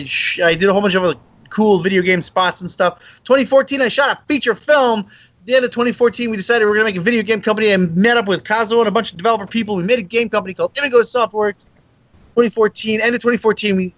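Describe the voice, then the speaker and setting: A man guesting on a podcast, talking in a rambling, joking way full of quick tangents. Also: sits high, a bit bright, highs cut off. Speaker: game studio founder and guest. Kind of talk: casual podcast chat.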